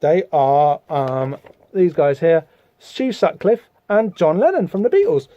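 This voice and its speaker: A man's voice: on the high side, lively intonation, a little slow, mellow, no echo, muffled recording. A man hosting a podcast, talking casually about a comic book with lots of fillers and rambling asides. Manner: rambling, chatty, many fillers, reads out dialogue in voices. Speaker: podcast host.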